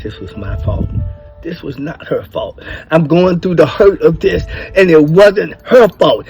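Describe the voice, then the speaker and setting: An older man with a high-pitched, darkish, husky voice gives men blunt, preachy advice about marriage in a casual monologue, swearing freely and hammering his points home.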